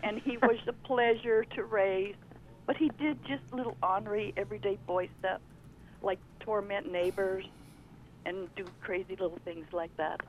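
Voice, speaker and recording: A woman's voice: mid-range voice, steady tone, normal speed, highs cut off, a little hiss or hum. An older woman, the host's mother-in-law, calling in to chat affectionately. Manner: warm, affectionate, says it's her morning voice. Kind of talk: phone-in chat.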